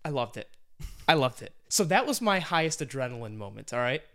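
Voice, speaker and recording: A man co-hosting a book review podcast, excitable and prone to loud shouting bursts. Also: mid-range voice, fast talker, smooth. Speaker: podcast co-host. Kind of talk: casual book review chat. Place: podcast studio.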